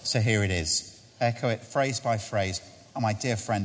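A man preaching an earnest, conversational evangelistic sermon and leading a prayer. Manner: earnest, conversational, dropping low and slow for prayer. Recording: long hall reverb.

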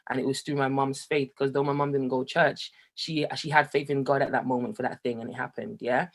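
A young man from Jamaica, telling his personal story as an interview guest, animated and laughing often. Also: mid-range voice, brisk, gravelly. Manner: animated, laughs often, voice rises when excited. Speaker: guest, musician.

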